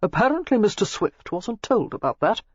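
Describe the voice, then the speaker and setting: A reader voicing a calm nobleman husband who speaks evenly with dry amusement. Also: high voice, normal speed, husky, no room sound, highs cut off, pitched above the performer's own voice, exaggerated voice. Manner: even, dryly amused. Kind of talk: audiobook character voice.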